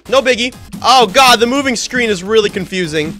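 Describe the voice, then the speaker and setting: A man giving excitable, slangy commentary on a gaming challenge, often yelping and laughing. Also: high voice, fairly quick, faint music behind. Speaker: gaming YouTuber.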